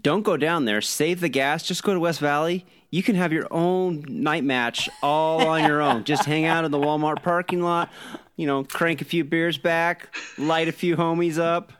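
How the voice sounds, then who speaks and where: A man's voice: fairly high pitch, steady tone, normal speed, a bit bright, clean tone. Teasing sarcastic man in banter. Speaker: podcast co-host. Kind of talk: casual chat.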